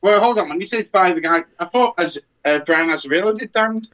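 A man's voice: sits high, fairly quick, a bit bright, highs cut off. A man chatting casually as a podcast co-host, rambling and restarting his sentences often. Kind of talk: casual chat.

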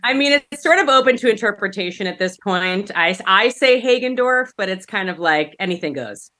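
Bright-voiced, enthusiastic woman guest. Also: medium pitch, animated, brisk. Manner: enthusiastic, gracious, a few filler restarts. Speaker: music show host, podcast guest. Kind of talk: casual interview.

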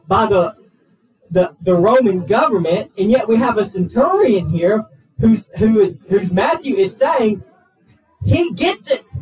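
A man's voice: high-pitched, a little mellow, far from the mic, poor audio. A man, a pastor preaching a sermon in a church, talking earnestly and often restarting and repeating words. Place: church sanctuary.

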